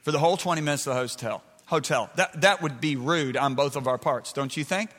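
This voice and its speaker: A man preaching a sermon in a church, animated and building to shouts. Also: on the high side, fairly quick, long reverb tail.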